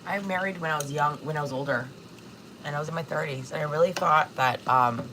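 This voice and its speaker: A woman's voice: sits low, a little fast, background noise. Tearful woman in her forties chatting candidly. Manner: candid, emotional, swears freely. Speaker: livestream host. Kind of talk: casual livestream chat. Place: home kitchen.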